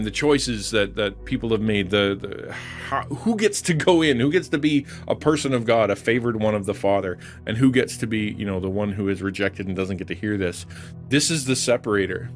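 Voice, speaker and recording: A man's voice: lowish voice, a little fast, soft background music. A man preaching earnestly on a livestream, repeating phrases for emphasis. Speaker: online pastor. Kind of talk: livestream sermon.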